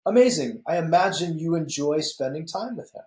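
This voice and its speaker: A man's voice: fairly high pitch, animated, moderate pace, a little mellow. A man in his fifties, a podcast guest, telling stories earnestly and speaking straight to the men listening. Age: 50s. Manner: earnest, storytelling, speaks directly to male listeners. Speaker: guest author and men's coach. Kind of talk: reflective podcast interview talk. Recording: echoey room.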